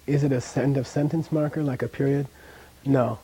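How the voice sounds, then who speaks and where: A man's voice: medium pitch, fairly even intonation, a little fast, warm tone, slightly rough. A man teaching a language class in a classroom, chatty, often checking in with "okay?" and drilling pronunciation.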